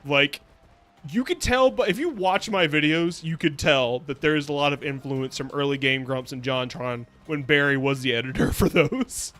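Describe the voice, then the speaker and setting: A young male VTuber rambles and laughs his way through a casual game stream, tossing in silly sing-song asides. His voice is a little high and fairly bright, moving at a normal speed.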